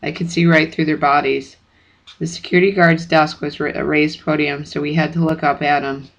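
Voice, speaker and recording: A narrator reading a first-person chapter book aloud in steady, plain audiobook narration. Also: mid-range voice, normal speed, creaky, muffled recording.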